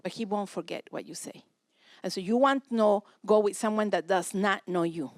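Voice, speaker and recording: A woman's voice: mid-range voice, normal speed, dry recording. Woman, direct, practical, seminar talk, dry close sound. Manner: direct, practical, acts out family dialogue. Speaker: speaker at a parenting session.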